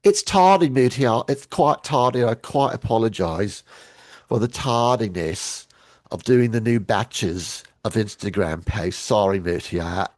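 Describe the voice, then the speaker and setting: A man's voice: fairly low pitch, lively intonation, unhurried, darkish tone, dry recording. A man putting on a put-on English accent to play a mock-posh, overly formal Englishman apologizing, over a video call. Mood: mock apology. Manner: exaggerated, prim and formal.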